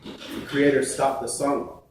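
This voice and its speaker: A man acting as emcee and storyteller, telling a traditional story on a large theatre stage in a measured, animated way with playful asides. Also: medium pitch, slight background noise. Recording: echoey theatre from far off.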